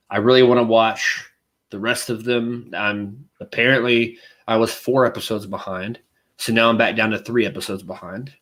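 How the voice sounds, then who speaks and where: A man co-hosting a podcast in casual chat, telling stories in an animated, rambling way and acting out scenes with quick voices. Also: on the low side. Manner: rambling, self-interrupting. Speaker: podcast co-host.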